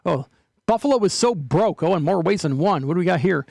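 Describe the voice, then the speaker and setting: A man's voice: sits high, lively intonation, a little fast, gravelly, a little mellow, dry recording, studio quality. A man hosting his own show, making sarcastic jokes while reading news headlines aloud. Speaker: show host. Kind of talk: casual commentary on news clips.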